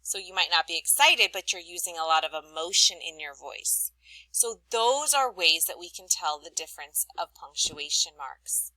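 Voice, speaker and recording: A woman teacher speaks to young children in a recorded lesson, with a bright, clear voice. Her pitch rises and falls a lot as she reads her examples with plenty of expression. The sound is dry and close. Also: normal speed, dry recording, rough recording. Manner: clear, expressive reading aloud to young learners.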